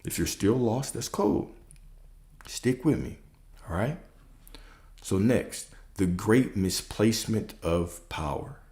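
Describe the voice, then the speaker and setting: A man's voice: fairly low pitch, lively intonation, slow, long pauses, a little mellow. A man coaching his viewers in a motivational talk, emphatic and repetitive, asking rhetorical questions and repeating key lines.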